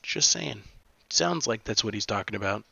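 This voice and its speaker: Male game streamer, sarcastic, joking, bright tense tone, dry close sound. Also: fairly low pitch, animated, moderate pace, vocal fry, slightly rough, no room sound, muffled recording. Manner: joking, sarcastic, laughs often. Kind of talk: gameplay commentary.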